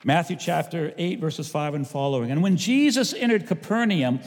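A man, a pastor, preaching a sermon, swinging between loud emphasis and hushed asides. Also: on the high side, expressive, normal speed. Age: older. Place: church sanctuary. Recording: church hall reverb.

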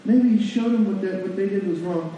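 A man preaching to a church congregation in a folksy, animated way, full of rhetorical questions. His voice is fairly high yet mellow and dark in tone. He is picked up from a distance in a very echoey hall, on a dull, lo-fi recording with faint room noise. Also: a little fast. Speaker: pastor. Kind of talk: sermon. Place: church sanctuary.

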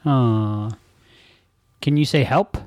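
A woman with a strikingly low voice hosts a casual home recording. She patiently encourages a toddler, repeating simple questions. The sound is dry and close. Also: takes it slowly, a little mellow, no echo. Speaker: podcast host.

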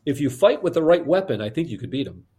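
A man doing a soft-spoken old pastor. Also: fast talker, natural voice. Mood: earnest. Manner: calm, low and hushed, counselling. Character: gentle older male village pastor.

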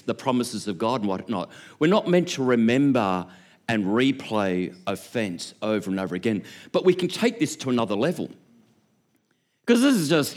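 A man preaching a sermon as a pastor, an animated storyteller who acts out little scenes and laughs often. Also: mid-range voice.

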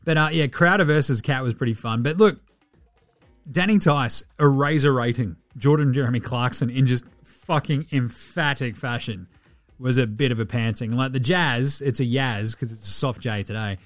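An Australian man hosts a basketball podcast, speaking at a normal speed with a medium-pitched voice while faint music plays behind him. His casual sports commentary is brash and slangy, full of free swearing and frequent laughter.

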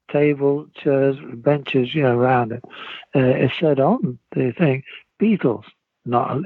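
An older man with a Liverpool accent telling rambling, lively anecdotes as an interview guest, over a tinny phone line. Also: medium pitch, husky, no echo. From Liverpool, England. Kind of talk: anecdotal storytelling.

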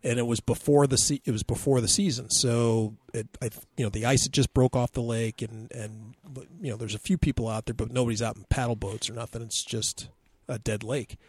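A man's voice: mid-range voice, a little fast, husky, dry recording. A man telling a funny flying story in casual chat, acting out the people in it. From Alaska. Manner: animated storyteller, acting out quotes in raised voices.

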